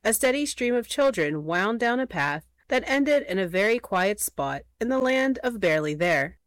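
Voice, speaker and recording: Expressive woman reading a storybook. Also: medium pitch, moderate pace, no room sound. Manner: expressive, playful. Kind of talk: storybook read-aloud narration.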